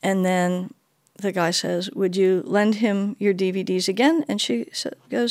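A woman's voice: mid-range voice, fairly even intonation, measured pace, no room sound, clean studio sound. A woman being interviewed, telling her own story with animation and acting out the dialogue she recounts. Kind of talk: personal storytelling.

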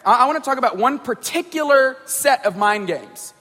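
A man with a high voice gives a casual talk to a group, stumbling over words and often checking in with his listeners. His voice carries a long hall reverb. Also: expressive, moderate pace, pushed and bright. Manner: conversational, repeats words, checks in with "right?" and "okay?". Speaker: speaker addressing a group. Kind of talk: informal talk on communication.

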